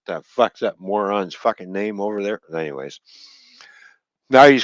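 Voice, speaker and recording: Low-voiced man ranting angrily on stream. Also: expressive, normal speed, pauses often, no echo, highs cut off. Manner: profane, bitter, heated. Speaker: livestream host. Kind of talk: angry livestream rant.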